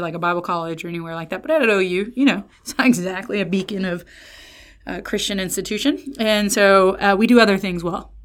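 A woman's voice: medium pitch, a bit bright. A woman preaching, reading scripture and then telling a story from her student years in a chatty, folksy way, full of restarts, calling the listeners y'all. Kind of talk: sermon with personal storytelling.

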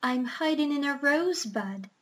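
A woman reading aloud, voicing a clever scheming female parrot in a hushed, conspiratorial way. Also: high voice, lively intonation, moderate pace. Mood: mock-solemn.

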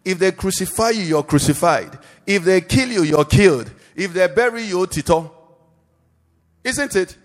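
A man's voice: high voice, animated, normal speed. A man preaching a sermon as pastor at a church service, asking the congregation questions and leaving them to answer. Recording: long hall reverb.

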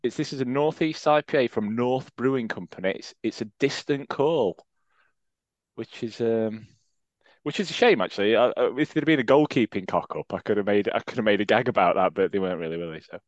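A man's voice: lowish voice, dry recording, dull audio. A man, co-hosting a casual podcast, talking and laughing easily. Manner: chatty, quick to laugh. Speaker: podcast co-host. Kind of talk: casual chat.

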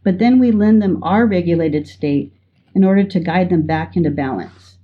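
Woman teaching calmly, bit husky, dull lo-fi sound. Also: fairly low pitch. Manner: measured, patient, explaining with examples. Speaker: educator guest. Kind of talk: explanatory teaching talk.

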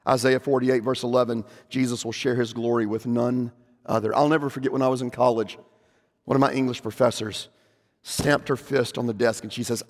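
A man preaches a sermon in a mid-range voice, building into loud, emphatic proclamation when he quotes scripture. He speaks in a church sanctuary, and a long reverb trails every phrase. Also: mid-range voice, fairly even intonation, fairly quick. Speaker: pastor.

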